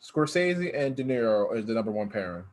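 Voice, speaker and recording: A man's voice: medium pitch, big pitch swings, brisk, darkish tone. A man co-hosting a podcast, chatting casually and joking, often restarting his sentences. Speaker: podcast co-host. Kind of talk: casual chat.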